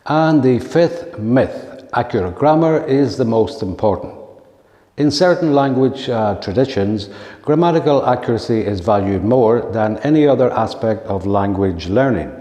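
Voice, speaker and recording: A man delivering a scripted lesson for teachers in a calm, measured way. His voice is mellow and dark, mid-pitched. The sound rings in a roomy space with a long reverb tail. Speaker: teacher trainer. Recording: echoey room with long reverb.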